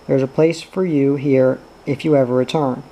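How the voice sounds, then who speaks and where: A man's voice: mid-range voice, steady tone, moderate pace, dark tone, natural voice, low-quality recording. A man voicing an older widowed farm woman, pious and weary, speaking plainly and mournfully.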